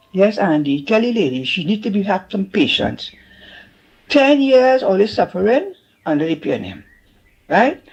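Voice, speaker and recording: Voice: medium pitch, a little mellow. A caller with a Trinidadian accent on a radio show, chatty and scolding, rambling from point to point. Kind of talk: call-in radio chat. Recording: dull phone line.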